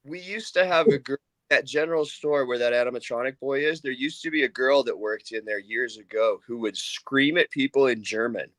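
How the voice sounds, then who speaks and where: A man hosting a podcast, telling animated stories in casual chat and laughing often. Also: mid-range voice, fairly quick, dry recording.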